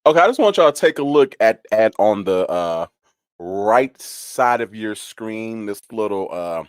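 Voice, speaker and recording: A man giving sarcastic gossip commentary in a shady, drawn-out way, full of asides. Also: lowish voice, expressive, clean tone, no room sound, clean studio sound.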